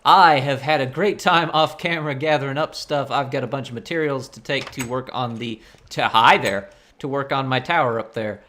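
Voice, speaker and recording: A man hosting a game video, ranting in an animated, incredulous way. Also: medium pitch, moderate pace, few pauses. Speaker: gaming channel host. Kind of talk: casual let's-play rant.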